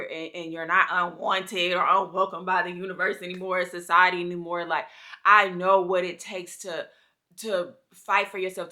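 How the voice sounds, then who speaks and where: A woman's voice: fairly low pitch, sharp tone. A woman in her thirties speaking candidly in a personal vlog, heartfelt and slangy, talking straight to her viewers. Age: 30s. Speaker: vlogger.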